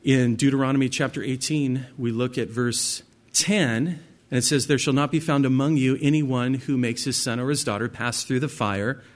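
Man, pastor, Bible teaching, reads verses aloud, conversational explanations, speaks straight to listeners, mid-pitched voice. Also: steady tone, moderate pace. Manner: addresses listeners directly as "guys".

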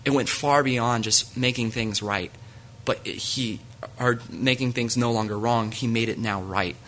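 A man's voice: medium pitch, fairly even intonation, measured pace, a bit bright, slight background noise. A man preaching a sermon in an earnest way, reading scripture aloud to his listeners.

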